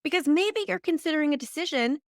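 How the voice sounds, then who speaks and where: Lively woman hosting a solo podcast. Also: sits high, fast, dry recording, clean studio sound. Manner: animated, acts out quoted voices. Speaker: podcast host.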